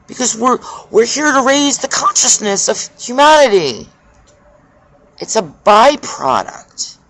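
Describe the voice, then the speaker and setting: A spiritual speaker giving an impassioned, preachy monologue. The speaker swears freely and repeats phrases in a drawn-out cadence. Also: medium pitch, a bit bright.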